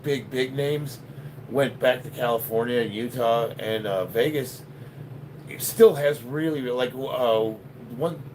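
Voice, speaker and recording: A man in his fifties from Chicago, talking on a live workout stream. His pitch swings around a lot as he jokes, swears and laughs through viewer comments. A faint hum of noise sits under his voice. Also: poor audio. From Chicago, United States. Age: 50s. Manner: profane, joking, laughs often. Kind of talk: casual live-stream chat reading comments.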